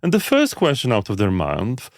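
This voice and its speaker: A man co-hosting a podcast, talking in an animated, filler-heavy way and asking rhetorical questions. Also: mid-range voice, normal speed, no echo, clean studio sound. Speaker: podcast co-host. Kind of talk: casual podcast discussion.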